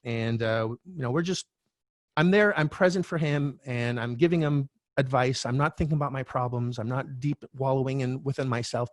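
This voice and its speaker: A middle-aged man, a real estate coach, telling a candid personal story as a podcast guest, animated and swearing now and then. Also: mid-range voice, normal speed, no room sound, clean studio sound. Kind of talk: storytelling interview talk.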